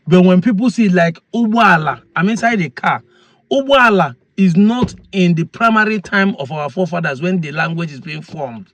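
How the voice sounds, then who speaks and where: A man's voice: sits high, moderate pace, fairly bright tone, no room sound. A man with a Nigerian Igbo accent, a chief explaining a point earnestly and repeating key phrases. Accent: Nigerian English, Igbo. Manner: earnest, repeats points to drive them home. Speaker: community chief. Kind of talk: explanatory talk.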